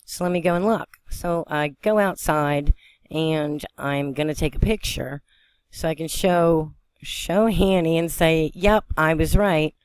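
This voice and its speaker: A woman from western Pennsylvania vlogging on a phone, excitable and rambling as she talks, often breaking into laughter. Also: sits low, a little slow, clean tone, no room sound. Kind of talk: excited spiritual vlog narration.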